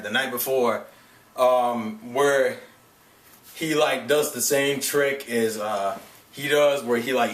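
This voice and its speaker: A man's voice: medium pitch, a bit bright. A young man vlogging about anime in a rambling, profane, casual way, full of fillers and restarts. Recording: echoey room, mic at a distance.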